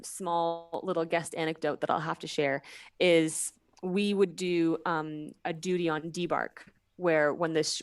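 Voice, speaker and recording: A woman guest on a podcast, an animated storyteller with quick asides, chatting casually about her work as a cruise ship dancer. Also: low-pitched, recorded from a distance. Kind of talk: casual podcast interview chat.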